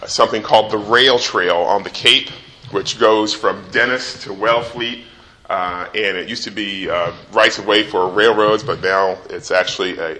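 A middle-aged father telling a personal anecdote in a relaxed, animated way, acting out the voices. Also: fairly low pitch, a little hiss or hum. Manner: animated, acts out the voices in his story. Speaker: storyteller.

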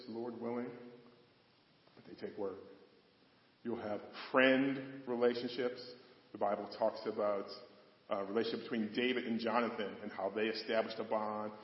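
A man's voice: fairly low pitch, dull audio, slight background noise. Man preaching in an echoey hall. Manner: folksy, joking with the congregation. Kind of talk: sermon.

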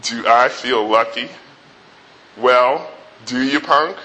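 A man voicing a tough male cop who slowly taunts a robber, in a bright, forceful voice. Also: medium pitch, poor audio. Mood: menacing.

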